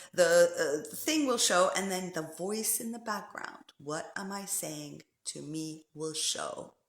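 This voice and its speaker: A woman spiritual coach giving an emphatic, animated pep talk that swings between loud stresses and hushed asides. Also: lowish voice, reverberant.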